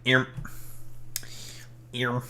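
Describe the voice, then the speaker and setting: A man's voice: extremely slow, pushed and bright, a little hiss or hum. A man streaming while he plays a game, chatting casually in joking, profane rants. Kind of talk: casual gameplay chat.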